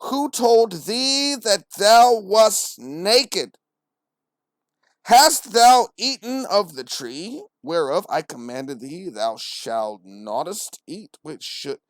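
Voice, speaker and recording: Guy doing a big pompous god voice, high and loud, slow and drawn out, dry close sound. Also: big pitch swings, no echo, exaggerated voice. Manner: drawn-out, grandiose, mock-solemn. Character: pompous lofty male deity, old-fashioned.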